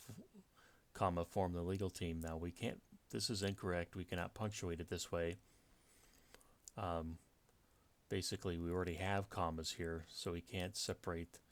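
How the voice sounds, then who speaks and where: A writing teacher works through a slide-based lecture on punctuation step by step, often using fillers and restarting sentences. His voice sits low with a fairly bright tone.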